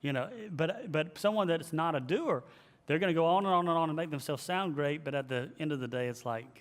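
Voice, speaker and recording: A man who is a pastor, giving an emphatic, animated leadership teaching and repeating his key phrases. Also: a little high, brisk. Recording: long hall reverb.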